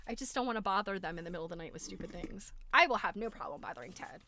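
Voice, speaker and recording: A woman's voice: mid-range voice, fast talker, pushed and bright, dry recording. A middle-aged woman hosting a livestream, chatting casually and telling stories with frequent laughs. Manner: chatty, laughs often, storytelling with quoted asides. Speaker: livestream host. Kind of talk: casual chat to a live audience.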